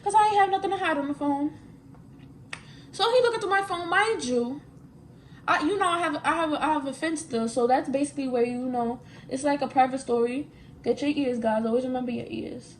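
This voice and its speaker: A young woman with a high voice tells a story in a lively, slang-filled way, often repeating herself for emphasis. There is a faint hum in the room behind her. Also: a little fast. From New York. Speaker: vlogger. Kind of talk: casual storytime chat. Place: at home, getting ready.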